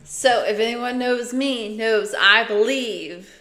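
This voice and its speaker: A woman's voice: fairly high pitch, slow pace, pushed and bright. A middle-aged woman co-hosting a podcast, chatty and exclamatory in casual talk. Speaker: podcast co-host. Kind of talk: casual chat. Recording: echoey room.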